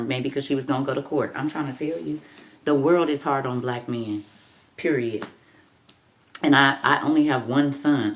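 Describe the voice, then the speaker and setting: A woman in her fifties hosting a casual livestream, reading out comments and preaching firm advice with emphatic repetition. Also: very deep voice. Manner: emphatic, preachy, repeats "I'm trying to tell you".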